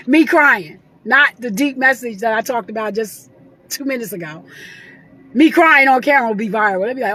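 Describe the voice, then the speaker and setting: High-voiced chatty woman on a video call. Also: lively intonation, normal speed. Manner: warm, chatty, sentimental. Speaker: guest on a live video chat. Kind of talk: casual heartfelt chat.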